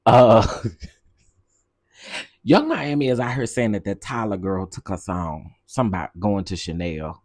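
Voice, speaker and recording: Sassy low-voiced gossip show host. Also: male voice, animated, unhurried, darkish tone, no echo, clean studio sound. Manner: sassy, gossipy, laughs often, repeats lines for effect. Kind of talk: casual commentary livestream.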